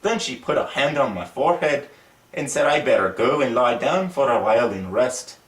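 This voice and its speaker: A man's voice: mid-range voice, moderate pace, far from the mic. A man reads a children's storybook aloud in a put-on British accent, his voice rising and falling with the story. He sits back from the mic in an echoey room. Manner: lively, voices the characters. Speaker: reader of a children's book.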